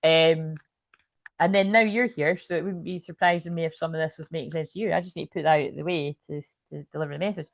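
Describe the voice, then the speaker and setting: A woman with a fairly low voice gives a live tarot reading, talking in a loose, rambling flow. She swears freely and keeps checking in with "you know what I mean." The sound is close and dry. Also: fairly even intonation, fast talker, creaky, no room sound. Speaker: tarot reader.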